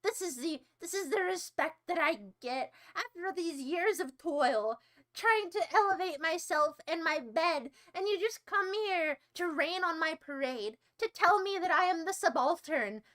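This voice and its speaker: A woman with a very high, bright, sharp-edged voice chats to her livestream audience. She talks in playful, mock-offended rants, spinning exaggerated silly tangents as she banters with viewers. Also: expressive, a little slow. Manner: playful mock-indignant ranting. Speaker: livestream host. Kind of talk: casual livestream chat with viewers.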